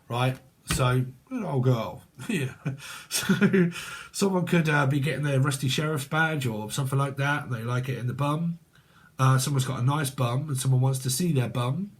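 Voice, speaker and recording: Man, casual tarot reader, cheeky and crude, chatty mid-pitched voice. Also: normal speed. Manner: crude joking, laughs often; rambling, chatty.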